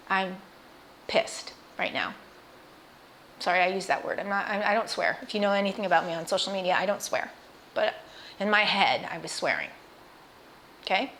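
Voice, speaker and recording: A middle-aged woman talking straight to the viewer in a personal vlog. Her delivery is earnest and emotional, full of restarts, asides and direct questions to the listener. Her voice sits at an ordinary pitch for a woman. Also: normal speed, pauses often, a bit bright, a little hiss or hum. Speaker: cancer patient sharing her experience. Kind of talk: personal vlog talk to camera.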